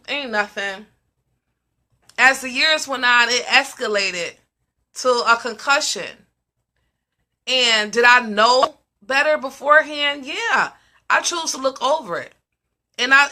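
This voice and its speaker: Emphatic woman with a bright, ringing voice. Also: on the high side. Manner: emphatic, repeats questions. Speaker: host of a live discussion. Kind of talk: casual live-stream talk.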